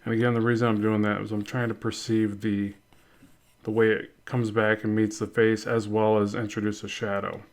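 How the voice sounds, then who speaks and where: A man's voice: fairly low pitch, level tone, normal speed. A man narrates a drawing lesson in an easygoing, conversational way. He thinks aloud as he works, second-guesses himself and corrects course as he goes. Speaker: art instructor. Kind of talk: casual drawing tutorial narration.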